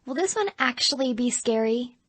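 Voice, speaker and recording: A woman's voice: fairly high pitch, expressive, moderate pace, a bit bright, dry recording. Narrator doing a dry, jokey teen girl, pretty much her own voice. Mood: curious.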